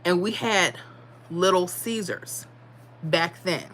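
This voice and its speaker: Bright-voiced chatty New York woman. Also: fairly low pitch, animated, slow pace, slight background noise. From South Bronx, New York. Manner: chatty, sassy, laughs a lot. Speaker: livestream host. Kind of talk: casual livestream chat reading comments.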